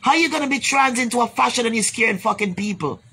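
A woman's voice: fairly high pitch, fast, fairly bright tone, breathy edge. A Jamaican woman ranting bluntly to her viewers, swearing and repeating herself, then closing with blessings. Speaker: vlogger. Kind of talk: profane rambling rant to camera.

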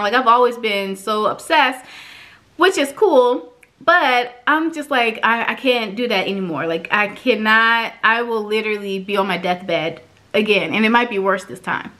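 A young woman telling her own story in a casual vlog, chatty and animated, acting out quoted dialogue, emotional and close to tears. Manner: chatty and animated, acts out quoted dialogue with big pitch jumps. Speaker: vlogger reviewing an online course.

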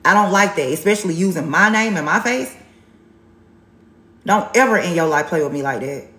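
A woman's voice: fairly low pitch, animated, normal speed, fairly bright tone, reverberant. A woman giving a live tarot reading, blunt and sassy, repeating herself for emphasis. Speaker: tarot reader on a livestream.

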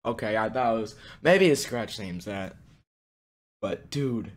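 A young man reacting excitedly to a music game, with gasps and frequent exclamations. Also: fairly low pitch, measured pace. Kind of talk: casual reaction commentary. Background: game music playing.

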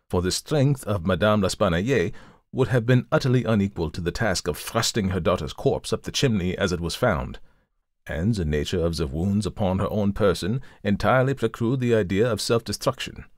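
A man's voice: lowish voice, animated, no room sound, studio quality, lightly acted. A man reading as a coolly analytical detective. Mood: lecturing. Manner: measured, formal and explanatory. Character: coolly analytical male detective, methodical, lecturing. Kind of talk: audiobook reading of a classic story.

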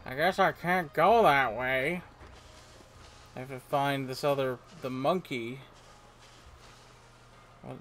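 A man's voice: medium pitch, slow pace, pauses often, a bit bright, faint music behind. A man playing a video game and commenting casually, playfully reading the game's lines aloud in silly voices. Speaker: let's play gamer. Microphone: desk microphone at a computer.

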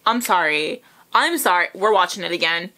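A young woman hosting a music video reaction, gushing with excited squeals and gasps as loud music plays behind her. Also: fairly low pitch, normal speed. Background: loud music video playing.

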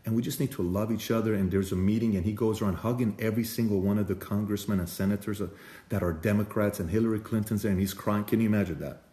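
A man's voice: on the low side, fast. A man hosting and giving a motivational talk, telling stories in an emphatic and direct way. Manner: emphatic storyteller, lively and direct. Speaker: host. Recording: echoey room.

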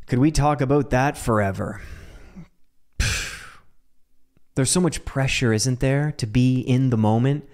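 A man with a slightly high voice hosts a solo podcast in a loose, chatty way. He talks with a lot of animation, often laughs, and swears casually as he rambles. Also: a little mellow. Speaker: podcast host.

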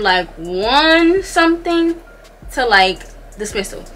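Young woman, storytime vlog while doing makeup, bright and a bit high, lively and slangy. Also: moderate pace, faint music behind. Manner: animated, slangy, addresses viewers as y'all. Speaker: vlogger.

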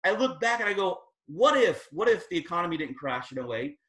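Energetic man giving a motivational talk. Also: fairly high pitch, fast talker. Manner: energetic, storytelling, rising to emphatic peaks. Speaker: guest speaker at team training. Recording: echoey room.

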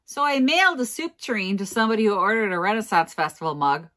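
With a medium pitch and quick pace, a middle-aged woman recounts a tale in her casual vintage-reselling vlog, poking fun at herself animatedly and laughing often.

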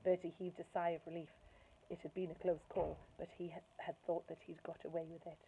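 A woman, a primary school teacher, reading a children's storybook aloud in an expressive way, heard through a tinny phone-like line. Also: lowish voice, brisk, creaky, a little hiss or hum.

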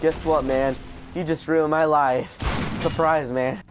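A man giving casual let's play commentary, panicking out loud and repeating his exclamations. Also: fairly high pitch, fairly even intonation, takes it slowly, music in the background. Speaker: gaming video host.

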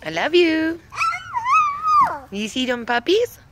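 High, slow sing-song woman. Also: very animated, heavy background noise. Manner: sing-song, coaxing, repeating words for a small child. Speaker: parent talking to a toddler. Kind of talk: home video baby talk. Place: outdoors in a yard.

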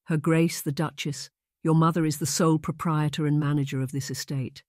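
A man's voice: on the high side, flat delivery, fairly quick, a little mellow, no room sound, studio quality, lightly acted. A man voicing a young destitute woman training as a governess, speaking politely and deferentially with a slightly shaky voice. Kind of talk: audiobook character voice.

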